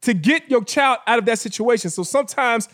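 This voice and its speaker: A man's voice: extremely high pitch, animated, brisk, fairly bright tone. A man co-hosting a podcast in casual chat, speaking passionately and addressing listeners directly in a motivational way. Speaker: podcast co-host.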